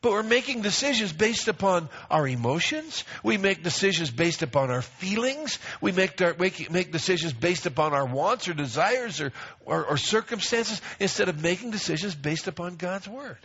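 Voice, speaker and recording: Husky-voiced middle-aged man preaching. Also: sits high, expressive, normal speed, a bit bright. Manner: emphatic, repeats phrases, acts out quoted voices. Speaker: pastor. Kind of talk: sermon. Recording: dull lo-fi recording.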